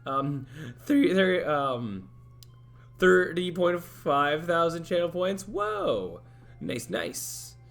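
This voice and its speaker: A man's voice: a little high, huge pitch swings, extremely slow, gravelly, fairly bright tone, soft background music. A young man chatting casually on a livestream, rambling and hesitant with many restarts and fillers, wearing headphones at a desk mic. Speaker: streamer.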